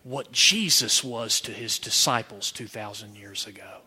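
A man from preaching a sermon, telling stories with animation and breaking into shouts. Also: on the low side, measured pace, husky. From Georgia, USA. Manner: animated storytelling, bursts into shouting.

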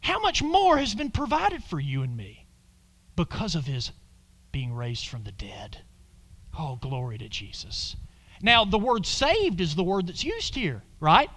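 A man preaching a sermon, swinging from loud exclamations to hushed whispers and calling on the congregation to repeat lines after him. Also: sits high, wildly swooping pitch, unhurried. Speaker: pastor.

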